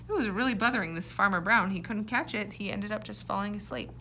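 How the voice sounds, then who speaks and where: A woman teacher reading a poem aloud to young children and explaining words in a clear, encouraging way. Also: medium pitch, quick pace, few pauses, sharp tone, slight background noise.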